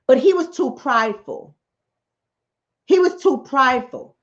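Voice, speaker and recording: Woman, high lively voice, acts out characters as she tells a fable, slightly dull lo-fi sound. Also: measured pace, long pauses. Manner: animated storyteller acting out characters' lines. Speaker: channel host, relationship coach. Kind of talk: political commentary told as a fable.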